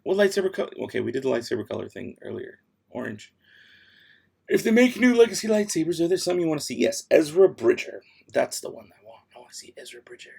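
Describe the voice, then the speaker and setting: Fast-talking and a little high, this young man's voice is gravelly, slightly rough and a bit mellow, with big pitch swings. He's hosting a laid-back livestream and reading viewer comments while working, though he's tired, losing his voice, easily exasperated and prone to mumbling.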